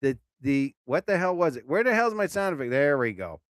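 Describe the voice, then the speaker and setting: A man hosting a casual live stream who reads a list aloud and keeps interrupting himself with excited, jokey asides. His voice sits a little high and swings up and down a lot. The sound is close and dry. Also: a little fast, no echo. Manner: excitable, rambling, jokey, stumbles over words.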